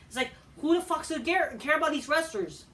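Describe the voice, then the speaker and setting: A man's voice: very high voice, animated, fairly quick, bright, forceful tone, distant mic. A man ranting through a profane, exasperated video review of a wrestling show.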